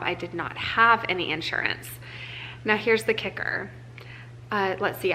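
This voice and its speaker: A woman's voice: medium pitch, bright, forceful tone, a little hiss or hum, rough recording. A young woman telling an earnest, emotional personal story in a casual vlog, full of "like" fillers. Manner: casual speech with frequent "like" fillers. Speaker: vlogger. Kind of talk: personal life update vlog.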